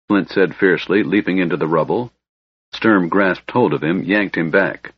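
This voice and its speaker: A man reading a fantasy audiobook in a measured, dramatic narration. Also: deep voice, slightly rough, no room sound. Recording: dull lo-fi recording, dry.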